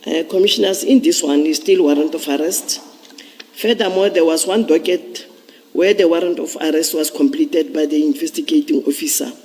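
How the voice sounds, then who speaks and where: A man testifying as a police officer at a commission hearing, explaining procedure in a measured way with some restarts. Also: on the high side, a little mellow. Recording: long reverb of a large hearing room.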